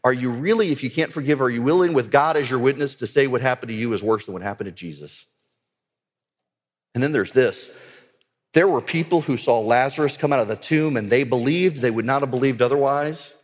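A man's voice: mid-range voice, fairly quick. Earnest man preaching in a reverberant hall. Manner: earnest, rising to fervent exhortation. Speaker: conference speaker. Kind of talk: religious conference talk. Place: large conference hall.

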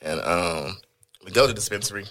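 A man from Oklahoma, a podcast guest and entrepreneur, telling stories in a relaxed way with many ums. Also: low voice, a little fast. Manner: relaxed, hesitant with frequent ums. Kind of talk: casual storytelling.

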